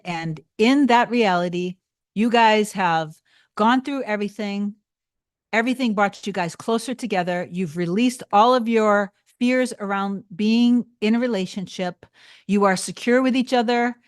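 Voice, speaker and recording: A woman's voice: medium pitch, dry recording, studio quality. A woman hosting a live stream as a coach, greeting viewers by name and giving earnest, repeated affirmations. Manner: reads out chat names, earnest and repetitive affirmations. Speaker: livestream host and manifestation coach.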